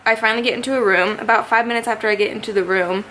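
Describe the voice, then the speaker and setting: A young woman in her twenties telling a story to camera in a chatty, animated way, with lots of fillers. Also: fairly high pitch, very fast, slight background noise. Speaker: vlogger.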